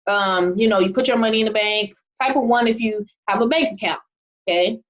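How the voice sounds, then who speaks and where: A woman's voice: medium pitch, fairly quick. A young adult woman giving a casual presentation on a video call, chatty and often checking in with "okay?". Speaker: online marketing presenter. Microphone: video call microphone. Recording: muffled video call audio.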